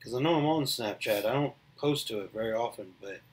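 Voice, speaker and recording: A man's voice: mid-range voice, a little fast, slight background noise. Rambling middle-aged man chatting casually. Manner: rambling storyteller with many fillers and restarts. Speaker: vlogger. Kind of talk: casual solo chat.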